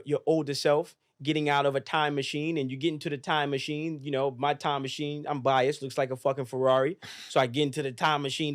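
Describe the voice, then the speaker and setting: An emphatic man speaks with a slightly high voice, hammering phrases again and again with a preacher's cadence. He swears freely as a podcast guest giving a motivational talk.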